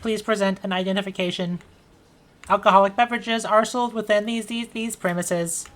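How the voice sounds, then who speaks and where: A woman's voice: medium pitch, steady tone, moderate pace, lightly acted. A woman voicing a formal, rule-bound robot doorman who talks in a stiff, officious, polite way.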